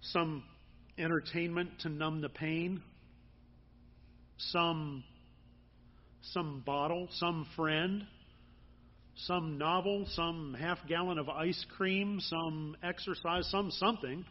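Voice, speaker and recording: A man's voice: a little high, fairly even intonation, slow pace, pauses often, muffled recording. A man preaching a sermon in an earnest, conversational way that builds to bursts of emphasis. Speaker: pastor.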